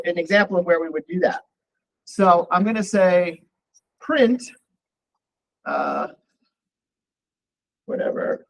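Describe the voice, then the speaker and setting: A man's voice: high-pitched, lo-fi sound. A man teaching a college programming class, thinking aloud as he types and runs code. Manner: relaxed, thinking aloud while typing code. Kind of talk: live coding lecture.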